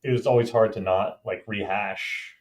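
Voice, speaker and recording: A man co-hosting a podcast and running its quiz games, chatting casually and rambling in quick bursts. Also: lowish voice, steady tone. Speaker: podcast co-host and game master.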